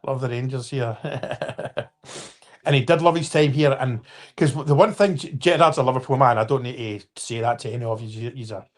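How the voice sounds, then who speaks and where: A man's voice: mid-range voice, moderate pace. A man in his fifties hosting a casual live-stream football chat, rambling with restarts and apologies and talking to viewers by name. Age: 50s.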